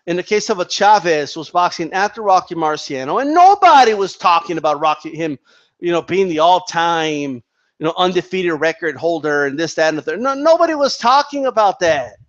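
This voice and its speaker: A man's voice: on the high side, lo-fi sound. A man giving heated, profane boxing commentary, restarting his sentences often as he rants. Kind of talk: ranting commentary vlog.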